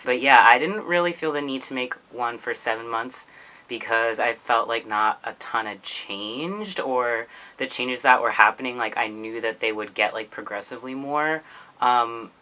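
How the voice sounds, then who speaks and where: A man's voice: mid-range voice, moderate pace, sharp tone, rough recording. A man talking casually to camera in a vlog. He is chatty, fills his talk with "like" and laughs often. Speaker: vlogger.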